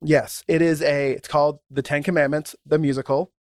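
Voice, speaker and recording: A man's voice: on the high side, little pitch movement, normal speed, dry recording, studio quality. A man guesting on a podcast, chatting casually and rambling enthusiastically about films. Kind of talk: casual chat.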